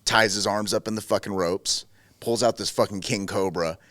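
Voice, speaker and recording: Thirtysomething guy on a podcast, swears a lot, gets all excited telling stories, dry close mic. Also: on the low side, moderate pace, dry recording. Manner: profane, excitable, laughs often. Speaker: podcast co-host. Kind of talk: animated storytelling, casual chat.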